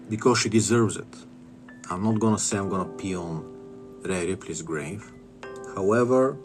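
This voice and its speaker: A man ranting in a commentary vlog in a slow, drawn-out way with a lowish voice. He swears and circles back over his words. Faint music sits behind him. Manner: crude, profane, repetitive ranting. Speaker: wrestling vlogger.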